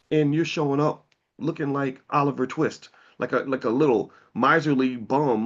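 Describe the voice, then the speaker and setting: A man's voice: mid-range voice, steady tone, moderate pace. Man, 50s, mid-range voice, blunt fiery storyteller, dull slightly muffled sound. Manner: blunt, fiery, swears freely. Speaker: commentator and educator. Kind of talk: storytelling monologue.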